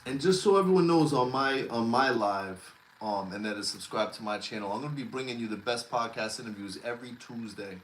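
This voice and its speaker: A man's voice: medium pitch, brisk, few pauses, reverberant, slight background noise, poor audio. Jokey male livestream host. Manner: jokey, excitable shout-outs to viewers. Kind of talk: casual livestream chat.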